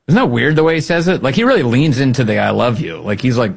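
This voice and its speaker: A man hosting a political podcast, talking in a sarcastic, animated way and often laughing at the clips he plays. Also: mid-range voice, quick pace, creaky, slightly rough. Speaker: podcast host. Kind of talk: political commentary.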